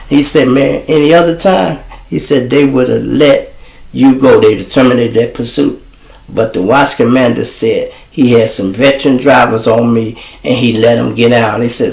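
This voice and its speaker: A man with a Chicago accent, hosting a livestream show and telling a profane, animated story to his viewers. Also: mid-range voice, moderate pace, gravelly, roomy sound, low-quality recording. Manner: profane, animated, acts out quoted voices.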